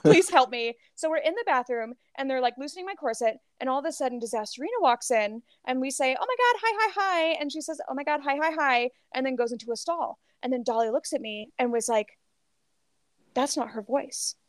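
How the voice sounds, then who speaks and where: A woman co-hosting a podcast, telling gossip in a lively casual chat, full of "like" and cursing. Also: high-pitched, brisk, no echo. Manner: animated storytelling, heavy filler "like", swears freely. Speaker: podcast co-host.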